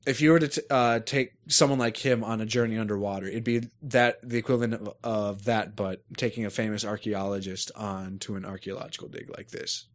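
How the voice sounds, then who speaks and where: A man's voice: lowish voice, fairly even intonation, fairly quick, hardly any pauses. A man in casual chat, describing a game at length and searching for words. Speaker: podcast co-host reviewing a game.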